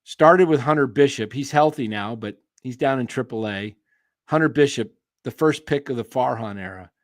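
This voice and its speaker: A man's voice: mid-range voice, moderate pace, no echo, studio quality. A man hosting a casual sports talk stream, opinionated and rambling, answering viewers by name while his voice wears thin. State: losing his voice, clearing throat. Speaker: sports show host. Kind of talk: casual live-stream commentary.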